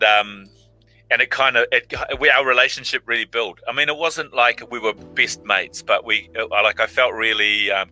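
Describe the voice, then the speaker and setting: A man's voice: on the low side, pushed and bright, poor audio. A middle-aged man, an actor guest, telling casual stories over a video call, acting out quoted lines in big voices. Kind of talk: casual anecdotal storytelling.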